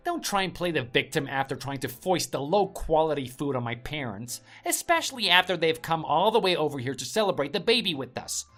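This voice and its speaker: A woman's voice: low voice, animated, a little fast, few pauses, a bit bright, faint music behind. A woman voicing an arrogant, contemptuous young husband who sneers and scolds his wife. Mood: sneering. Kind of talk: story drama voice acting.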